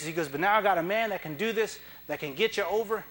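A man's voice: sits high, fast, few pauses. A man preaching a sermon in church, impassioned and emphatic, acting out the words of biblical figures. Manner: impassioned, rising to loud emphatic peaks; acts out biblical figures in dramatic dialogue.

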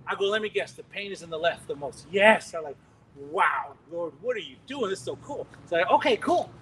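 A man preaching, telling a testimony in an animated, rambling way with laughs and restarts. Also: high voice, fairly quick, slight background noise, low-quality recording. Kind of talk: sermon testimony storytelling.

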